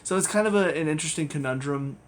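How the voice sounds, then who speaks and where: A man's voice: on the high side, fast. Rambling casual male TV reviewer. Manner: rambling, hedging, frequent ums and restarts.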